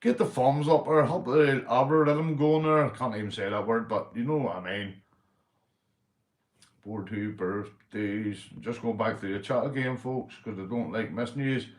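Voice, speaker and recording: A man's voice: medium pitch, fairly even intonation, normal speed, reverberant. A man with a Northern Irish Belfast accent, hosting a casual livestream, rambling and swearing as he greets viewers in the chat. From Northern Ireland. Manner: rambling, swears a lot, says mate and big up constantly. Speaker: livestream host.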